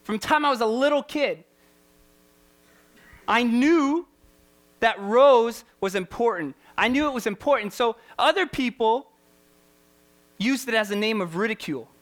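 A man's voice: very high voice, lively intonation, a little slow, long pauses, a bit bright. A man preaching a sermon as a youth pastor, impassioned and repetitive, firing rhetorical questions at his listeners.

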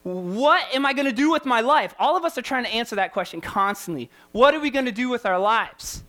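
A man's voice: extremely high pitch, animated, fairly quick, sharp tone. A man preaching a sermon as a youth pastor, impassioned and repetitive, firing rhetorical questions at his listeners.

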